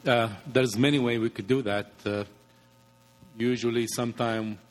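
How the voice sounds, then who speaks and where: A plainspoken man gives practical advice as a guest, his grammar slightly nonstandard. He sits at a middle pitch, and long reverb trails after his voice. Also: fairly even intonation, moderate pace. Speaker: guest speaker on evangelism. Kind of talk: conversational advice. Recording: reverberant room.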